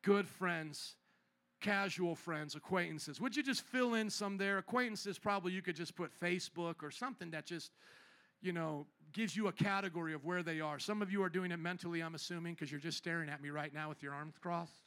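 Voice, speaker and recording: A man's voice: high-pitched, brisk. A male pastor preaching a sermon in church, teasing and joking with the congregation. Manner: playful, teasing, animated preaching. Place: church sanctuary.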